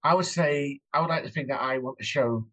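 English male author in his thirties, husky and halting, casual interview talk. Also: mid-range voice, a bit bright, low-quality recording. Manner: hesitant, many restarts, chuckling.

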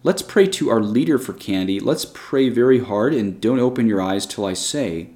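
A man reading a story aloud, voicing a gentle, persuasive female schoolteacher who speaks softly and coaxingly. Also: on the low side, lively intonation, moderate pace, close to an everyday voice.

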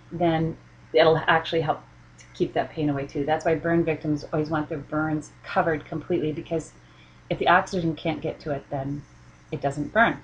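A middle-aged woman with a husky voice, chatting in a casual storytelling monologue, laughing often and acting out the voices she quotes. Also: sits low, highs cut off.

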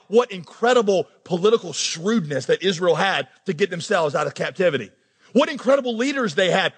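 A male pastor preaching a sermon, animated, acting out quoted characters as he goes. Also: high voice, big-room sound.

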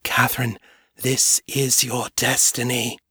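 A man's voice: medium pitch, level tone, slow pace, pushed and bright, husky, dry recording, clean studio sound, exaggerated voice. A man voicing a mysterious presence behind a door that whispers and cajoles. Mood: cajoling.

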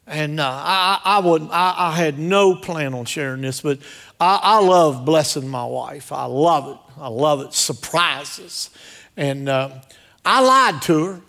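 Joking, higher-voiced pastor preaching. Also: male voice, a bit bright. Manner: jokey and direct, quizzing the congregation. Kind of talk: sermon. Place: church service.

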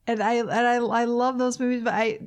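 A woman's voice: fairly high pitch, flat delivery, brisk, smooth. A woman co-hosting a podcast, chatting loosely with restarts and chuckles. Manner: rambling, self-interrupting, chuckling. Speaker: podcast co-host. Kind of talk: casual chat.

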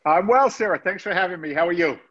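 A man's voice: high voice, animated, quick pace, a bit bright. Chatty London-born man, muffled audio. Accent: London English softened by Boston. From England. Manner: chatty, self-mocking, chuckles often. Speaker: guest, real estate investor. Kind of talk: casual interview chat.

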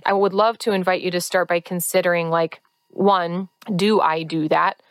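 A woman hosting a podcast as a coach, talking casually and earnestly, sometimes acting out voices in a high pitch. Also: fairly even intonation, normal speed, clear, resonant tone, dry recording. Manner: earnest, acts out inner-critic voices in high tones. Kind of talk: casual solo podcast talk.

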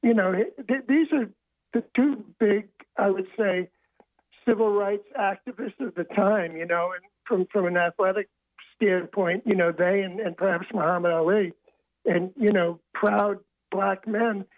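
A man's voice: high voice, fairly even intonation, measured pace, dry recording. An older man tells a winding story over a thin, tinny phone line. He restarts his phrases again and again as he goes. The sound is dry, with no room around it. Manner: rambling anecdotal storyteller, frequent restarts. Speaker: author and interview guest. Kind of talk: phone-in radio interview storytelling. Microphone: telephone.

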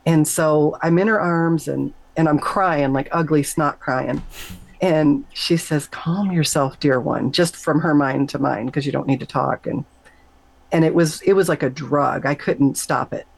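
A middle-aged woman, a nurse, telling an emotional personal story in an interview, animated and emphatic, her voice leaping up whenever she quotes herself. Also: unhurried, gravelly, poor audio. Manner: animated, emphatic, jumps high when quoting herself. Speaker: guest, nurse.

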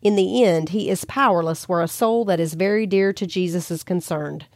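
A woman who hosts a podcast and wrote the book, reading a devotional chapter aloud in a gentle, prayerful way and slowing down for scripture. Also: fairly low pitch, dry recording, clean studio sound. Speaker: podcast host and author.

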